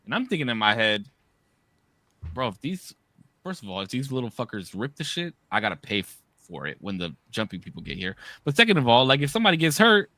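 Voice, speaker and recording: A man in his thirties co-hosting a podcast, telling profane, animated stories and shouting the quoted lines. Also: mid-range voice, fairly quick, no room sound. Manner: animated, profane storytelling with loud quoted outbursts. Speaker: podcast co-host. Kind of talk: casual storytelling.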